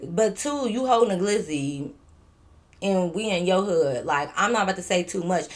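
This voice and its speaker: A woman's voice: on the low side, normal speed. A young woman, telling a storytime in casual, slangy chat and acting out what people said. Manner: animated, slangy, acts out quotes and drops to a whisper.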